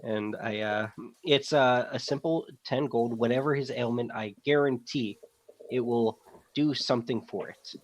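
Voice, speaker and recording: A man playing a tabletop game, speaking as a fast-talking peddler with a lot of hesitant filler. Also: medium pitch. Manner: fast-talking salesman patter with many fillers. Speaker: player. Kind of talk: in-character tabletop role-play.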